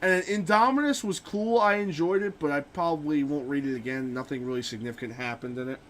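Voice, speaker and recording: Slight background noise accompanies a young man's fairly high, fairly bright voice, moving a little fast. During his casual gaming stream, he curses freely while ranting about books he has read.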